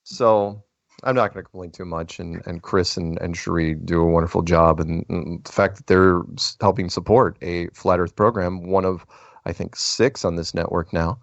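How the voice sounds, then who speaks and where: A middle-of-the-road talk host with a gravelly, low voice that wanders from thought to thought. He stops to correct himself and laughs often. The sound is dull and dry. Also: fairly even intonation, normal speed, no room sound. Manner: rambling, self-correcting, laughs easily. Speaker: radio show host. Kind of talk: casual call-in talk. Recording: lo-fi dry audio.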